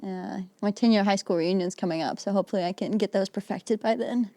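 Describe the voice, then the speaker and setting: A woman's voice: medium pitch, a little fast, warm tone, no echo. A woman in her late twenties, a comedian guest chatting casually on a podcast, self-deprecating and laughing often. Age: late 20s.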